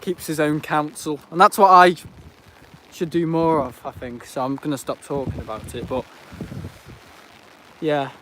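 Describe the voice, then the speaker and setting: A man's voice: on the high side, steady tone, measured pace, long pauses, a bit bright. Aggrieved man rambling on an outdoor stream. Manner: rambling and aggrieved, many fillers. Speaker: livestream host. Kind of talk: casual live-stream chat. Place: outdoors at an airport visitor park. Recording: noisy outdoor stream audio.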